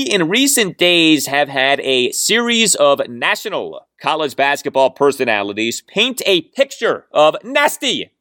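A man in his forties holds forth as a sports talk host, arguing his point with emphatic, rhetorical force. His voice sits a bit high and leaps up and down in pitch as he presses each point. The sound is dry and close, with no room around it. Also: bright, forceful tone, dry recording. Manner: emphatic, argumentative, keeps asking "okay?". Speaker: podcast host. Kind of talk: opinionated sports talk monologue.

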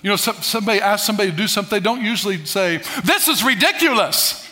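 Man preaching, very high voice, swings from loud bursts to muttered asides, has the congregation repeat after him. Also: racing. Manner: preaches with call-and-response to the congregation. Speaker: pastor. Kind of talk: sermon.

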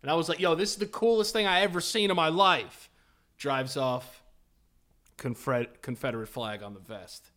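A man hosting a podcast, casually telling a profane, animated story and laughing at his own telling. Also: on the high side, normal speed. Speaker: podcast host.

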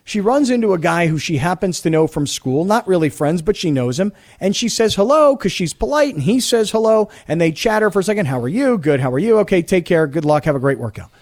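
A middle-aged man hosting sports talk radio, telling a story in an animated, indignant way. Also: high voice, fairly quick, few pauses. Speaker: radio host.

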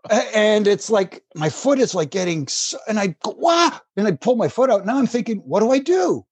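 A man's voice: sits high, animated, fairly quick, darkish tone, slightly rough, no echo. A man, a former wrestling referee, telling casual stories with restarts and laughter. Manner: rambling anecdotes with restarts and laughter. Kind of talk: casual storytelling.

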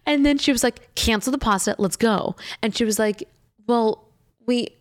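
Animated woman telling a story. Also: fairly high pitch, normal speed. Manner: animated, quotes people in different voices. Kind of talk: casual chat with friends.

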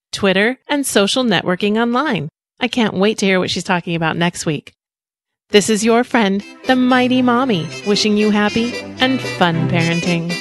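A woman's voice: mid-range voice, no echo. A woman in her thirties hosting a parenting podcast, reading friendly scripted narration.

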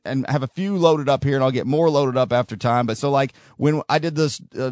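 A man's voice: medium pitch, no echo, clean studio sound. A man hosting and producing his own talk podcast, rambling casually with a sardonic edge. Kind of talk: solo talk show monologue.

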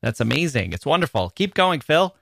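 A man's voice: a little high, sing-song, fairly quick, gravelly, fairly bright tone, no echo, clean studio sound. A man with an American accent hosting a podcast, reading listener mail aloud in a playful, jokey and self-mocking way. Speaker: podcast host. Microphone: studio microphone.

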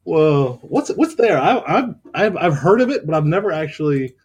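A man's voice: fairly high pitch, very animated, normal speed, darkish tone, slightly rough. A man hosting a podcast in casual chat, playful and teasing, laughing often. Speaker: podcast host.

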